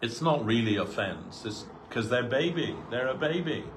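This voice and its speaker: A man giving a relaxed sermon through personal anecdotes, talking in an easygoing way with frequent asides. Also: medium pitch, normal speed, a little hiss or hum. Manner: conversational, full of asides, acts out quoted voices. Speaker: devotee giving a talk. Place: temple hall.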